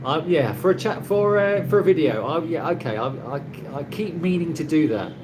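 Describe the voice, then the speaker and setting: A man's voice: fairly high pitch, expressive, normal speed, noisy background. A man from England, hosting a rambling casual live chat with viewers from his condo, laughing often. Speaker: livestream host. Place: condo in the Philippines.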